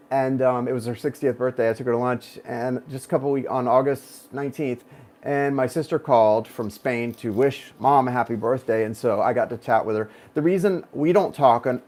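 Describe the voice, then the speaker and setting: Speaking at a medium pitch with a slightly mellow sound, this man in his thirties gives a chatty tarot reading. He goes on at length, digressing into personal asides and talking straight to the people watching.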